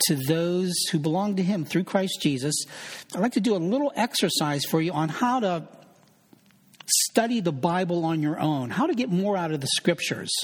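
A man preaching with earnest emphasis, leaning on single words one at a time. His voice sits a little high for a man. The sound carries a long hall reverb. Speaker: pastor. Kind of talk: sermon.

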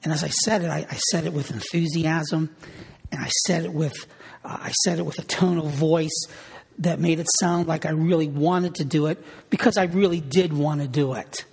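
A middle-aged male pastor gives a sermon with earnest, repetitive storytelling. His voice sits a little high and is gravelly and husky. The sound rings with a long hall reverb. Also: steady tone, moderate pace, darkish tone.

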